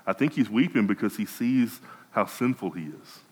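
A man's voice: fairly low pitch, lively intonation, normal speed, breathy edge, big-room sound, poor audio. A man preaching a sermon in a conversational way, often restarting and repeating words. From United States.

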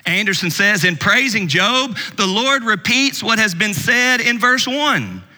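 A man preaching a sermon as pastor, swinging between loud emphasis and hushed asides. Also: sits high, very animated, unhurried, in a large hall.

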